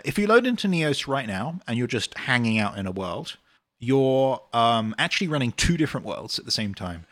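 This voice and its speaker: A man's voice: medium pitch, a bit bright, no room sound, studio quality. A British man, a game developer, answering chat questions in a rambling, casual livestream Q&A full of ums and uhs.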